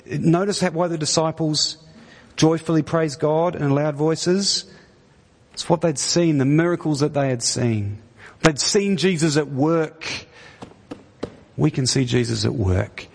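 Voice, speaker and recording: A man delivers a conversational sermon, his husky voice carrying a long echo through the church hall. He stumbles and restarts often, then rises into pointed, emphatic questions. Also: fairly high pitch, a little slow. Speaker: preacher.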